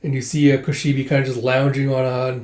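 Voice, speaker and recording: Male readthrough host, casual filler-heavy retelling, middle pitch, echoey room. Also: completely flat delivery, fast talker, darkish tone. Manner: retells with frequent 'it's like' and 'uh' fillers. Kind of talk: casual story recap. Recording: roomy echo.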